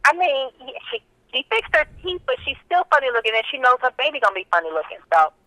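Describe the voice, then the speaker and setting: A woman co-hosts a radio talk show, trading celebrity gossip with a blunt, sassy edge. Her voice is bright and tense, and it sits dry and close in the studio. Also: high voice, big pitch swings, fast, no echo, low-quality recording. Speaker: radio co-host. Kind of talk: casual celebrity gossip chat.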